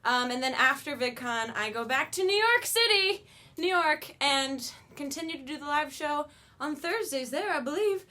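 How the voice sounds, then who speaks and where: Female web-show host, high and bright, goofy self-deprecating studio chatter. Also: expressive, moderate pace. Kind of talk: casual live-stream chat.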